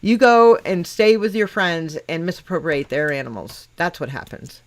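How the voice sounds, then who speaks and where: A woman's voice: lowish voice, normal speed. A middle-aged woman hosting a casual chat. She talks bluntly, swears constantly and teases the people she is talking with. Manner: profane, blunt and teasing. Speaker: podcast host.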